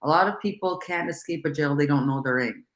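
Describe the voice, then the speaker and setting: A woman in casual conversation, talking animatedly in quick bursts with restarts. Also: sits low. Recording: echoey room.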